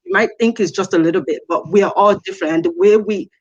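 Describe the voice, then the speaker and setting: A woman from Nigeria, speaking as a guest on a live stream. She tells personal stories earnestly and stresses her points by repeating them, in a voice of middling pitch. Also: quick pace, slightly rough, highs cut off.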